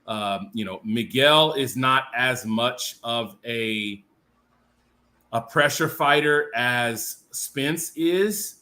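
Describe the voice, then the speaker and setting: A man co-hosting a boxing live stream on a panel offers thoughtful analysis in long, qualified runs packed with fillers. His mid-range voice is bright and forceful, and he speaks extremely slowly.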